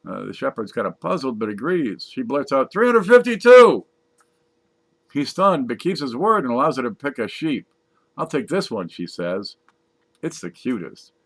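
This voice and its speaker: A man's voice: normal speed, gravelly, breathy edge. Guy reading jokes off a sheet, voice jumps up and down a lot, casual. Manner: reads jokes aloud from a page, lively, putting on squeaky voices for punchlines. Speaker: joke reader.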